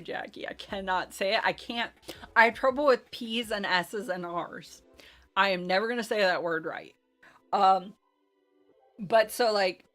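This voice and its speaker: A woman hosting a casual recap of a tabletop game, talking in a chatty, rambling way. She keeps apologizing for her own slips and pads her talk with fillers. Faint music plays quietly under her voice. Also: on the high side. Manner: chatty, self-deprecating, rambling with many fillers. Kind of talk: casual chat.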